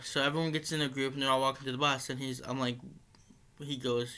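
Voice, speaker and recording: A man's voice: medium pitch, little pitch movement, quick pace, pushed and bright, clear, resonant tone. A teenage boy telling a school story in a casual, rambling way, full of likes, restarts and the odd swear. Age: teens. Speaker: high school student.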